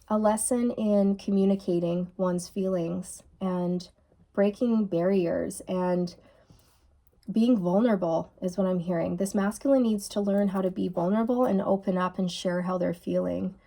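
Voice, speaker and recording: Mellow-voiced woman giving a tarot reading. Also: medium pitch, steady tone, normal speed, gravelly. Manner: soft, musing, repeats key phrases. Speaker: tarot reader. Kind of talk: channeled tarot reading to camera.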